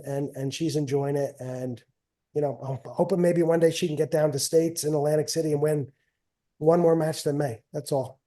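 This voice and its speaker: Middle-aged man, guest coach: rambling, repetitive storyteller, slightly high voice, warm tone. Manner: rambling, repeats phrases, chatty and self-mocking. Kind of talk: casual storytelling interview.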